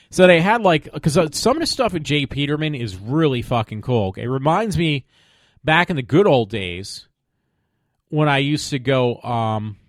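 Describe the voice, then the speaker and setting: A man talks casually into a desk microphone at home, hosting his own show with a middle-pitched voice. He rambles, trails off and drops in sarcastic, mock-pleading asides. The sound is dry and close with no room echo. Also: lively intonation, normal speed. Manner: rambling, many fillers and trailing off. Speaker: podcast host. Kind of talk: casual solo web show chat.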